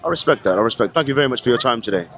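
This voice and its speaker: A man's voice: medium pitch, expressive, very fast, background noise. A man from Brooklyn with a put-on London accent, chatty and repeating himself as he interviews people at an outdoor festival. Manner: chatty, repeats phrases, says innit. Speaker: street interviewer. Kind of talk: casual street interview.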